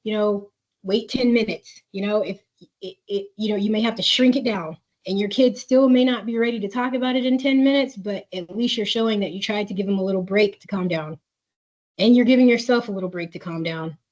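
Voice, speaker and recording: Medium-pitched and a little fast, this woman leads a live Q&A webinar for a school's parents, heard through dull lo-fi audio. She reads out what parents ask before offering warm coaching advice sprinkled with fillers.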